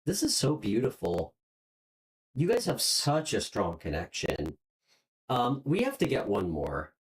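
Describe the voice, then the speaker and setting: Lively, emotional woman reading tarot. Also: extremely low pitch, a little slow, poor audio. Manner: emotional, openly moved, hesitant with many fillers; speaks warmly and directly to viewers. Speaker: tarot reader. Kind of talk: live-streamed tarot reading.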